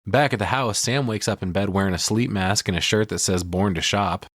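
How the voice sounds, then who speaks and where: Low-pitched man in a dry booth, swearing and joking through a casual film recap. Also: no echo. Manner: profane, animated storyteller with quick jokes. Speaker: podcast co-host recapping a film. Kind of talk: casual chat.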